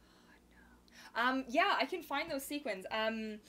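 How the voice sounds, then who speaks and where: A young woman from Canada hosting a casual live chat, bubbly and rambling, reading viewer comments aloud and breaking into quick laughs. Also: sits high, lively intonation, bright, forceful tone. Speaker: livestream host.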